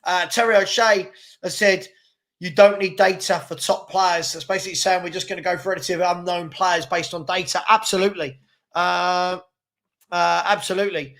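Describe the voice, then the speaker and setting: Chatty man, high voice. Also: fairly even intonation, normal speed, creaky. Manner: rambling, repeats words, chatty shout-outs to viewers. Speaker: fan channel host. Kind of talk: casual livestream chat reading comments.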